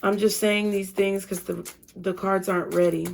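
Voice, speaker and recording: A woman's voice: mid-range voice, fairly even intonation, normal speed, gravelly, slight background noise. A woman giving a casual tarot reading, chatty and blunt, with frequent swearing. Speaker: tarot reader.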